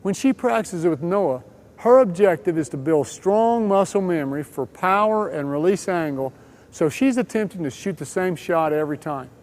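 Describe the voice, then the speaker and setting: A man with a notably high speaking voice narrates an instructional training video. His delivery is scripted and measured, walking through each point step by step. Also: lively intonation, a little mellow.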